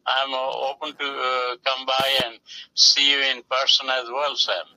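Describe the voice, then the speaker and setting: Very bright-voiced man, halting speech. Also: mid-range voice, level tone, vocal fry, low-quality recording. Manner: hesitant, many fillers. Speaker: poet guest. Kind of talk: casual interview chat.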